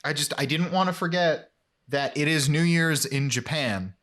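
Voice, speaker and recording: A man's voice: a little high, moderate pace, a bit bright. Man, podcast co-host, scene recaps, quotes characters, dry humor. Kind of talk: casual rewatch podcast chat.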